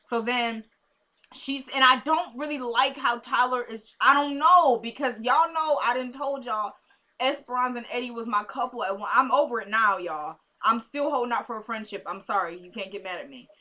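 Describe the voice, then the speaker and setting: A woman's voice: fairly high pitch, moderate pace, sharp tone. A woman recapping a TV episode in a casual vlog, rambling and talking straight to her viewers.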